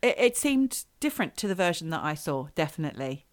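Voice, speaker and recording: A woman's voice: low-pitched, sing-song, a little fast. A middle-aged Australian woman co-hosting a podcast in casual, chatty, jokey talk with some swearing. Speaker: podcast co-host. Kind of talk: casual chat.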